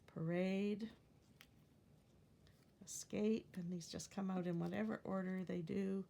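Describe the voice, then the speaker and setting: A middle-aged woman teaches a phonics lesson in a calm, patient way. Her voice is a little low and has a gravelly edge. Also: fairly quick.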